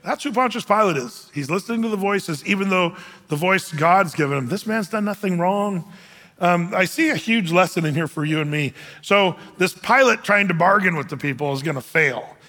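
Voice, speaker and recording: Bright-voiced male pastor preaching in an echoing hall. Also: high-pitched, moderate pace. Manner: conversational, restarts and repeats words. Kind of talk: sermon.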